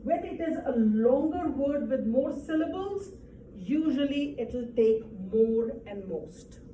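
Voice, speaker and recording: A woman's voice: high-pitched, lively intonation, takes it slowly, mellow. A woman teaching an English grammar lesson to a class, explaining patiently and often checking with "right?". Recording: echoey room, distant mic, faint noise.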